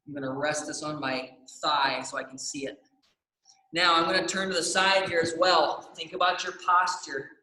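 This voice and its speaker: A man's voice: fairly high pitch, sharp tone. A young man teaching an exercise class, guiding stretches with countdowns and frequent "all right?" check-ins in a studio room. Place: dance studio room, indoors. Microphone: camera in the room, turning away at times. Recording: echoey room.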